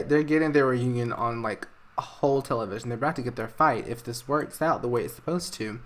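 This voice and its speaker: A man narrating a game story in casual, gossipy commentary, with excitable exclamations. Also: medium pitch, fairly quick.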